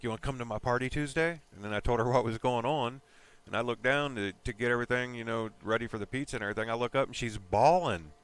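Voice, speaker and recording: A man's voice: medium pitch, fairly bright tone. A man chatting casually with his live viewers, rambling and teasing. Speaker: live streamer.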